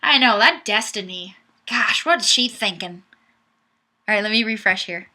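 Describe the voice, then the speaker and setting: A woman's voice: medium pitch, expressive, unhurried, sharp tone. Bubbly young woman livestream host. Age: young adult. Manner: bubbly, giggly, playfully self-deprecating. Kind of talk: casual chat reading viewer comments aloud. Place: home room on webcam. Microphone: webcam mic.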